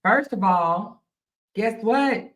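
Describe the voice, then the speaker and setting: Chatty woman live streaming from an echoey room, unhurried delivery, talks right to viewers. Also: medium pitch, expressive, fairly bright tone. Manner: chatty, laughs often, speaks straight to viewers. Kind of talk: casual live stream chat.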